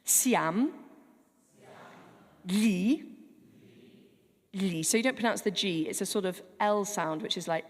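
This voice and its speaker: A woman's voice: medium pitch, slow, long pauses. Choir director, woman, chatty, spells out pronunciation by demonstrating, long church reverb. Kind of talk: rehearsal coaching.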